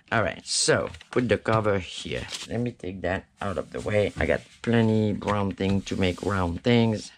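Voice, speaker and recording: A man with a lowish voice walks the viewer through a craft project at an unhurried, easygoing pace. He keeps tossing in "right?" and "okay?" to check that the viewer is following. His tone stays chatty and reassuring while he works with his hands. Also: slight background noise. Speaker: craft tutorial host. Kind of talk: casual step-by-step craft tutorial.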